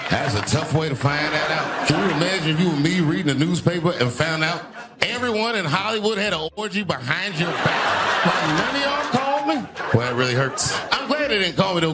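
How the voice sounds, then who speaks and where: Wry comedian man over music. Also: fairly high pitch. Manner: wry, self-mocking storytelling. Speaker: stand-up comedian. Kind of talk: stand-up comedy routine.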